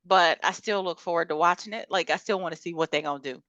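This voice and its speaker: A woman with a bright, forceful voice co-hosts a relaxed chat about TV shows. She is animated and laughs a lot. The sound is dry and a little muffled. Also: on the low side, fast talker, no room sound. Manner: animated, mimics people she talks about, laughs often. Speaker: podcast co-host. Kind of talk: casual chat about reality TV.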